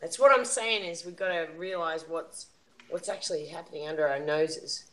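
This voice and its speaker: A woman's voice: on the low side, normal speed, a bit bright, low-quality recording. A woman hosting a casual panel chat, talking in an emotional, indignant rant. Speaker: livestream panel host.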